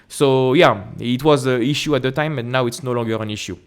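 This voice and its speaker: A man with a French accent hosting an investing channel, commenting on an earnings report while sharing his screen, reading haltingly, correcting himself and breaking off into quick asides. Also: mid-range voice, smooth. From France.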